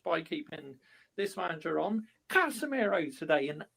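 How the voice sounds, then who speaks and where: A man rants about his football team in a high, strained voice that leaps up and down as he shouts. He swears constantly and sounds furious throughout the vlog. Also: very animated, normal speed, creaky, husky. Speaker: football fan vlogger. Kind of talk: angry fan rant to camera.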